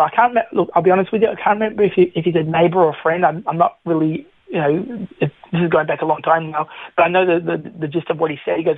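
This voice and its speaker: A middle-aged man, a radio guest telling his personal story in a chatty, animated way with many restarts. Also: on the high side, fast talker, few pauses, no echo. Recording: dry phone-like radio line.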